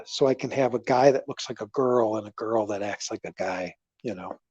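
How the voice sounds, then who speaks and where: Rambling man with a lively, swooping voice. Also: medium pitch, husky, no echo. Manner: animated storytelling, jumps between loud and murmured asides. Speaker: livestream host. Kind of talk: rambling casual livestream chat. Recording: dull lo-fi livestream audio.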